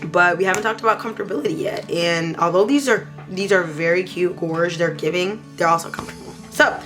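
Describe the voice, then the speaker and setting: A young woman in a casual beauty review vlog, talking playfully and gushing with excitement. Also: on the low side, a little fast, over music. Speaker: beauty vlogger.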